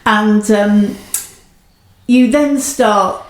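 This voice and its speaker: A woman's voice: mid-range voice, extremely slow. Chatty woman, roomy sound. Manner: chatty storyteller, acts out quotes, laughs often. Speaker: podcast co-host. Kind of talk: casual chat.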